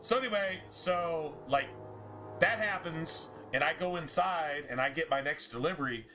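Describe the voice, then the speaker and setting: A man's voice: fairly high pitch, moderate pace, bright, forceful tone, soft background music. A man, telling a story casually on a game stream and ranting in a heated, profane way with many restarts.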